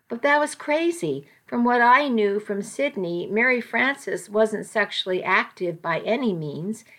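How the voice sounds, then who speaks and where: A woman narrating a novel in the first person, with a gentle, deliberate reading. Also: medium pitch. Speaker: audiobook narrator.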